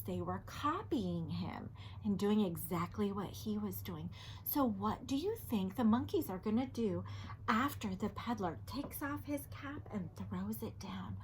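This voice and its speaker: Animated woman teacher reading a storybook aloud. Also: a little high, slight background noise. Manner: animated, asks the listening children questions, drops to a whisper. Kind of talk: children's storybook read-aloud.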